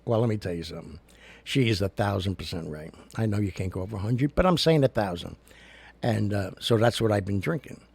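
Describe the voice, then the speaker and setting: Male host, low and gravelly, husky; casual rambling livestream talk. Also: brisk, no room sound. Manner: rambling, chatty, animated ranting. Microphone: studio recorder mic.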